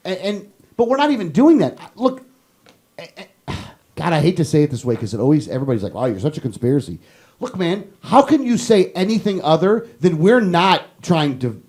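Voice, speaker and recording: A man hosting a casual political talk show, rambling with many restarts and getting animated. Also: high voice.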